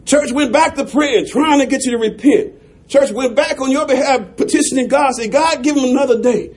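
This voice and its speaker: Pastor, male, very high voice, preaching with shouts and chuckles. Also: moderate pace, husky. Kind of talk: sermon.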